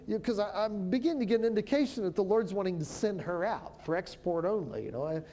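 A minister telling a story of prophesying over people, in a relaxed conversational way that often stops and restarts. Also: mid-range voice, fast talker. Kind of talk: storytelling testimony.

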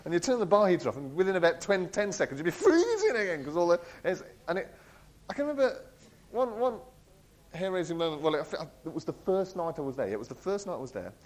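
Casting note: a slightly high-voiced man who tells a personal story. He laughs a lot, acts out the voices he quotes, and his pitch swings widely. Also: big pitch swings, fast talker, a little mellow, poor audio. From England. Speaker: speaker sharing a personal testimony. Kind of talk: storytelling talk.

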